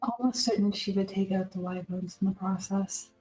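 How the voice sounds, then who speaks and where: A woman's voice: mid-range voice, fairly even intonation, moderate pace, a little mellow, soft background music, poor audio. A woman playing a tabletop game, asking direct, practical questions. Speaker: player. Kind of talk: casual tabletop play.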